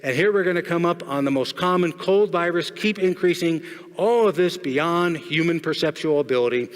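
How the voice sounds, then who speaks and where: A man's voice: fairly high pitch, moderate pace. Joking keynote speaker man in a big hall. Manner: jokey, asks the audience questions. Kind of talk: motivational keynote speech. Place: large hall with audience. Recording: long hall reverb.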